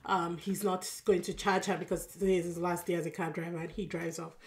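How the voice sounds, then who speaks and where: A drama reaction YouTuber gives a loose, chatty recap of a drama episode in Yoruba-accented English with a lilting quality. Her voice is fairly low and fairly quick, and though she sounds tired, she stays expressive, filling her talk with fillers and asides.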